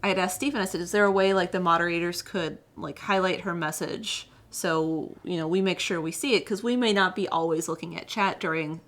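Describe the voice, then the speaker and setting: Woman cohost chatting easy, bit low pitched, lots of um and like. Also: fairly quick, hardly any pauses. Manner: relaxed storytelling with many fillers. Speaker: co-host of a live stream show. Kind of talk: casual stream chat.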